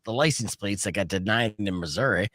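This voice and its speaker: A man hosting a radio show, telling stories with lively voice imitations. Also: lowish voice, brisk, no echo, clean studio sound. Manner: animated storyteller, mimics voices. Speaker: radio host. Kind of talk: morning radio banter. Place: radio studio. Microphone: studio broadcast mic.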